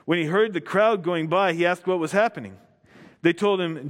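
A man with a high voice preaching a sermon, reading a passage and then explaining it. He presses hard on key words and slows down to let them land. His voice carries a long reverb, as in a large hall. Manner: emphatic, drawing out key words.

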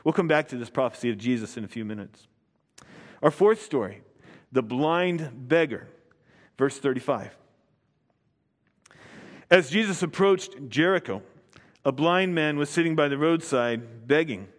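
High-voiced preacher in a reverberant hall. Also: male voice, lively intonation, measured pace, pauses often. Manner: emphatic, drawing out key words. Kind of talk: sermon, reading scripture and explaining it.

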